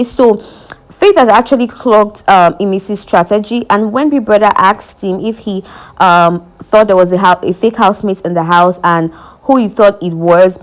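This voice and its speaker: A young woman with a Nigerian accent talks in a loose, opinionated way, the way someone does when running a celebrity gossip channel. Her pitch sits right in the middle of the range. She speaks close to the mic in a relaxed, conversational tone. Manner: chatty, opinionated, reads out fan comments. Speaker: entertainment vlogger. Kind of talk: casual reality-show gossip commentary.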